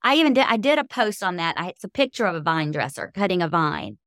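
A woman's voice: on the low side, sing-song, fast, a bit bright, dry recording, studio quality. Earnest woman telling faith stories. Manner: earnest, emotional storyteller. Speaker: guest, author. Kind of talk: faith-based interview storytelling.

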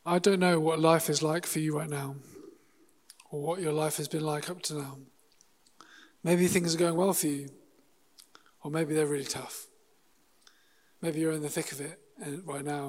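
Guy giving a sermon, higher voice, earnest and halting, big church-hall reverb. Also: steady tone. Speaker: preacher.

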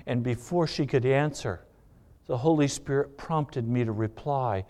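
A male pastor preaching a sermon, firing off rhetorical questions and swinging between loud emphasis and hushed, low lines. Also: measured pace.

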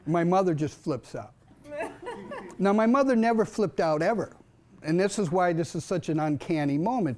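Older man telling lively anecdotes. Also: high voice. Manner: animated anecdotes with laughs. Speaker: author at a library talk. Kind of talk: storytelling talk to an audience.

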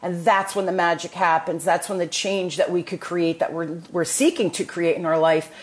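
A woman's voice: lowish voice, steady tone, normal speed. A woman with a New Jersey accent, hosting a podcast and giving enthusiastic, motivational talk full of restarts. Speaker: podcast host. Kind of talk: casual chat.

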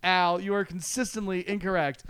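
A man co-hosting a podcast, excitable and joking, often stumbling over his words. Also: high voice, normal speed, clear, resonant tone. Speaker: podcast co-host. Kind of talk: casual chat.

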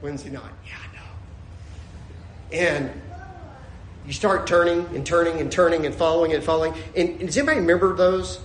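A man in his thirties preaches with a high, light voice. He jumps into the voices of people in his stories. The room is echoey, with a faint hum of ambience behind him. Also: normal speed, pauses often. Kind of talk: humorous sermon with storytelling.

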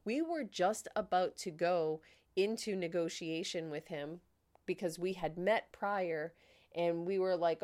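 A woman hosting a podcast, telling a story in a casual, animated way and acting out the dialogue. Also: fairly low pitch, a little slow. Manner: animated, laughing, acts out quoted dialogue. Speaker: podcast host.

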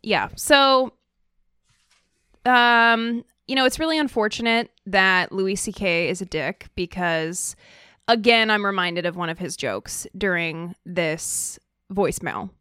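A woman co-hosting a podcast, working through a serious topic in casual chat. She talks thoughtfully and hesitates as she goes, in a smooth, clear voice. The studio sound is close and dry. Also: medium pitch, slow, sharp tone, no room sound. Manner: thoughtful, hesitant, with fillers and restarts. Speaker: co-host.

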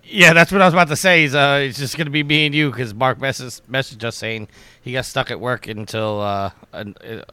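A man's voice: mid-range voice, fairly quick, sharp tone, smooth, no echo. A man hosting a podcast in casual, upbeat chat, steering the conversation. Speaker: podcast host.

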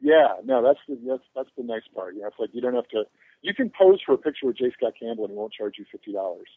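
This podcast guest, a convention organizer, is a fast talker with a creaky, medium-pitched voice and huge pitch swings, recorded dry on a tinny phone line. In relaxed conversation he tells long, rambling stories full of self-deprecating humor.

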